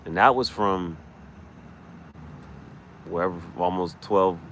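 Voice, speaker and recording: A man vlogging late at night, thinking out loud and trailing off into mutters and restarts. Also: deep voice, slow, a little hiss or hum. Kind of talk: late-night rambling vlog.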